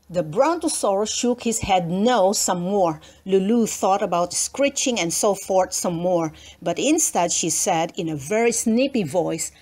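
A woman reading a children's storybook aloud in a slow, expressive storytelling manner. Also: mid-range voice. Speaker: read-aloud book narrator.

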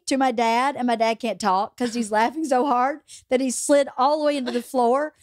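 A woman's voice: fairly high pitch, moderate pace, hardly any pauses, dry recording. Chatty woman podcast host, dry sound. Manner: candid, chatty storyteller. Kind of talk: casual anecdote telling.

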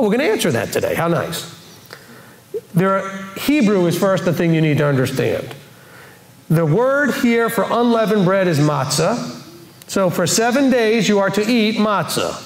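Man teaching scripture in an echoey room. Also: sits high. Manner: explains slowly, defining Hebrew words. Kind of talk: Bible teaching to a congregation.

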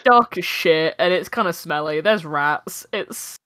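A woman's voice: low voice, measured pace, a bit bright, dry recording, clean studio sound. A woman game master narrating a tabletop session in a casual way, with lots of filler words and swearing.

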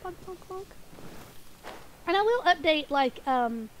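A woman's voice: high voice, lively intonation, measured pace, slight background noise. A young woman streaming a game, chatting casually with her chat and giggling often, a little sniffly with hiccups. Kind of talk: casual livestream chat while gaming. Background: game music.

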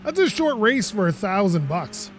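High, lively male gamer commentating. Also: normal speed, a little hiss or hum. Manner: animated, self-talking, swearing when frustrated. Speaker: gaming channel host. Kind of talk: let's play commentary.

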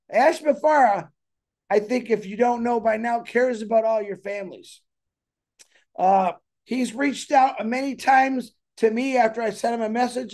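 Male host, high for a man, earnest and rambling, casual talk-show delivery. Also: a little mellow. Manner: rambling, earnest, repeats himself.

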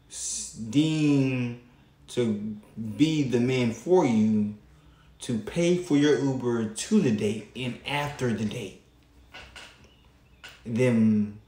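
A man hosting his own channel, giving reaction commentary in a drawn-out way with frequent pauses. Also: medium pitch, mellow, roomy sound. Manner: slow, drawn-out, pausing often. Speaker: channel host.

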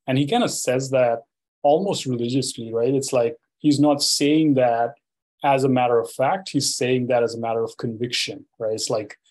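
In a roughly recorded university lecture, a man with a mid-range, darkish voice tells a field anecdote at a moderate pace. His storytelling is loose and conversational, full of "you know" and "right?".

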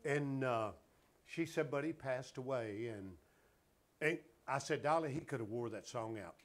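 A man's voice: mid-range voice, a little slow. A man, telling folksy anecdotes as a guest on a talk show. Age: 70s. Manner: drawling, folksy anecdotes with acted quotes. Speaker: guest singer. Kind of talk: casual storytelling chat.

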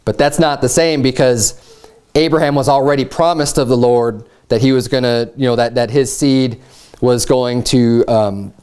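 A man preaching a sermon, retelling a scripture story in a casual, animated way and acting out quoted lines in a raised, mocking voice. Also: medium pitch, normal speed, clean tone.

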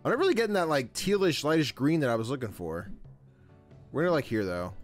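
A man's voice: mid-range voice, big pitch swings, quick pace, soft background music. A young man giving casual, playful let's-play commentary, reading game text aloud and joking around. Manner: playful, chatty, frequent laughs, slangy. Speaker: gaming YouTuber.

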